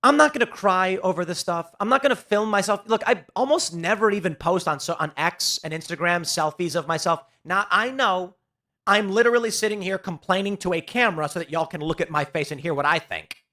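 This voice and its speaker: A man's voice: sits high, fairly quick, pushed and bright. A man hosting a political commentary show, talking in an emphatic, sarcastic ranting way. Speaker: host.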